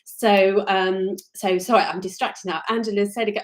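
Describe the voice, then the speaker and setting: A British woman hosts a relaxed live stream as a crochet designer. She rambles in a friendly, apologetic way and often trails off mid-thought. Her pitch sits in an ordinary middle range for a woman. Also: moderate pace. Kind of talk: casual live-stream chat.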